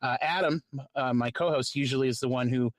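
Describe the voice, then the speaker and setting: A man's voice: mid-range voice, brisk, no echo. A man hosting a podcast, rambling in stop-start sentences full of fillers. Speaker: podcast host. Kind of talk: casual podcast chat.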